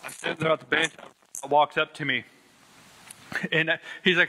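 A man's voice: on the high side, fairly even intonation, normal speed, sharp tone. A man earnestly telling his personal faith testimony, stressing words and repeating them for weight. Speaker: Christian sharing a testimony.

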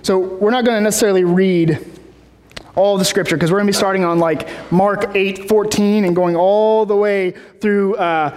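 A man's voice: high-pitched, fairly even intonation, moderate pace, a little mellow. A man preaching a casual sermon, rambling with many fillers and restarts, heard in a large hall.

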